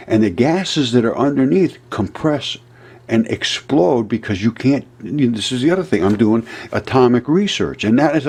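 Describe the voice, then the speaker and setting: A man hosting his own channel, talking through his theories in a rambling, emphatic monologue that swings between low mutters and heated, aggrieved outbursts. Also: animated, normal speed, a little mellow, slight background noise. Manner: speculative, free-associating, restarts mid-thought. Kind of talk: rambling screen-share monologue.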